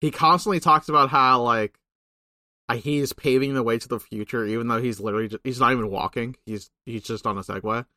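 A young man co-hosting a podcast, recapping a video game in casual, rambling chat with swearing and quick asides. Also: mid-range voice, steady tone, bright, forceful tone, no echo, clean studio sound. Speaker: podcast co-host.

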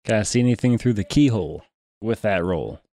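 A man's voice: fairly low pitch, animated, quick pace, dark tone, no room sound. A man playing a tabletop game, joking and playful as he talks. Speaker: player. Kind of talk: casual chat at a tabletop game.

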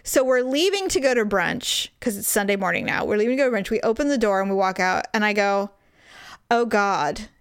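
A woman's voice: medium pitch, brisk, clean tone, no room sound. A woman telling a funny story in casual chat, laughing and acting out the people in it. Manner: animated, laughing, acts out voices in her story.

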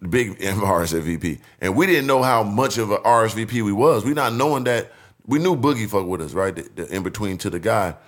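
A man co-hosting a podcast, telling stories in an animated, slangy, profane way. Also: fairly low pitch, a little fast. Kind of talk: casual chat, storytelling.

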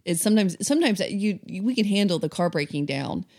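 A woman's voice: mid-range voice, animated, fast, darkish tone. A woman co-hosting a podcast in casual chat, speaking reflectively and playfully. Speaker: podcast co-host.

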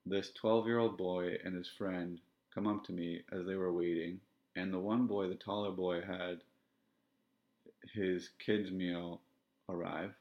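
A man with a very deep voice tells a personal story on his podcast. He talks in a reflective, halting, candid way, pausing to find words. The sound is dull and lo-fi. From Canada. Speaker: podcast host.

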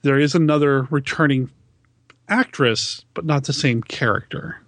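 A man's voice: mid-range voice, a little slow, a bit bright, no echo. Chatty male podcaster, dry close sound. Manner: chatty, self-deprecating, laughs often. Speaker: podcast co-host. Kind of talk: casual film discussion.

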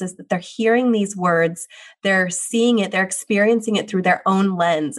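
An earnest woman, a widowed mother, talking openly about her grief as a parent. Her voice sits in a middle register. She speaks with a frank, steady candor. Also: medium pitch. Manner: earnest, open, repeats phrases like "the reality is". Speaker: children's book author and widowed mother. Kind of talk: heartfelt interview answers.

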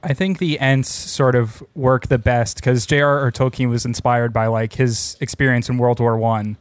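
A man's voice: medium pitch, fairly even intonation, moderate pace, no room sound. A man in casual conversation, retelling movie scenes and putting on silly voices for characters.

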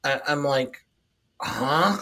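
A man's voice: medium pitch, very slow, bright, forceful tone. A man co-hosting a podcast in a casual movie review chat, talking in a wry, incredulous way and chuckling often. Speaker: podcast co-host.

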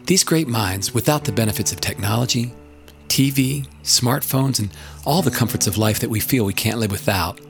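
A man's voice: mid-range voice, normal speed, creaky, faint music behind. An older man narrating in a reflective, scripted way, earnest and building rhetorical lists.

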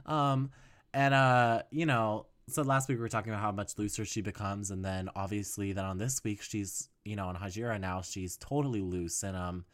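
A man with a fairly low voice talks at a normal speed while hosting a solo music podcast. He's chatty and casual, full of fillers and self-mocking jokes, and his voice swoops upward when he gets excited.

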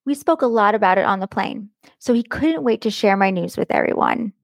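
Gushing, gravelly-edged woman podcast host. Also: mid-range voice, lively intonation, brisk, dry recording, clean studio sound. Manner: enthusiastic and affectionate, stretching words for emphasis. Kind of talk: warm motivational podcast monologue.

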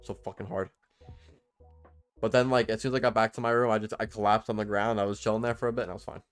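Rambling, profane young man, low voice. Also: little pitch movement, fast, clean tone, soft background music. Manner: rambling, profane, lots of fillers. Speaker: podcast co-host. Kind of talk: casual chat.

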